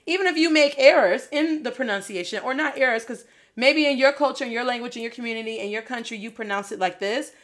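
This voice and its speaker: A woman's voice: on the high side, quick pace, a bit bright. A woman coaching learners in a casual video lesson, encouraging and dropping Spanish phrases into her English.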